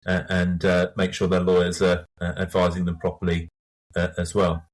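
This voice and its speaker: Deep voiced guy, a bit husky, lots of ums, careful and measured. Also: monotone. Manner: hesitant, many fillers, measured. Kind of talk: casual professional discussion.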